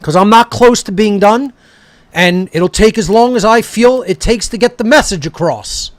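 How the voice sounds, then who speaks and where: A man's voice: high-pitched, normal speed, no room sound. A male talk show host delivering a heated, profane, confrontational monologue straight at his listeners. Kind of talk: angry ranting monologue.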